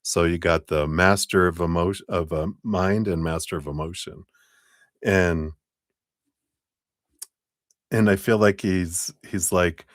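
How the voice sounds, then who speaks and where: Deep-voiced man giving a tarot reading. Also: fairly even intonation, slow pace, long pauses, no room sound, clean studio sound. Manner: rambling, self-interrupting, chuckling. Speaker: tarot reader.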